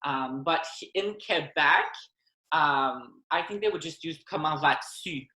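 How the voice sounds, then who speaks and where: A woman's voice: low voice, expressive, measured pace, pushed and bright, echoey room, rough recording. A woman from Ontario with a Canadian accent, answering interview questions casually with many fillers and laughs. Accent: Ontario French-Canadian. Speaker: guest.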